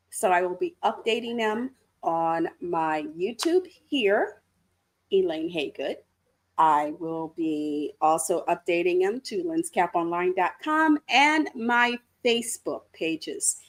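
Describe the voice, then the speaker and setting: A woman co-hosting a casual chat podcast who talks playfully and laughs often. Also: medium pitch. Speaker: podcast co-host.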